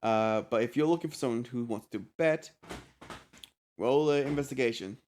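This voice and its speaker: A man's voice: medium pitch, darkish tone, slight background noise. A man narrating as game master for a tabletop game, hesitant with frequent restarts. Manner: halting, many restarts and fillers.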